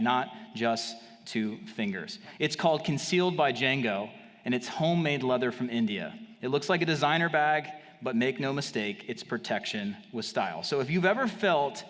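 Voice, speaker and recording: A man reading as a calm, direct woman. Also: mid-range voice, moderate pace, in a large hall, lightly acted.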